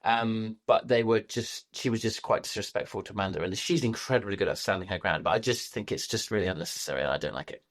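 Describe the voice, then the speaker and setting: A man co-hosts a casual podcast. He speaks in a mild, hesitant way with lots of restarts and fillers. His voice sits fairly low. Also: fast talker, hardly any pauses. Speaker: podcast co-host. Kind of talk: casual chat.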